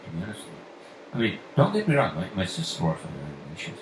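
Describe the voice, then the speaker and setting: A man hosting his own podcast in a loose, profane rant, his voice climbing high when he gets worked up. He sits back from the mic in a roomy, echoey space with a faint hiss underneath. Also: wildly swooping pitch, quick pace. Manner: profane, ranting, rising to near-shouting. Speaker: podcast host. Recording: echoey room, far from mic, faint noise.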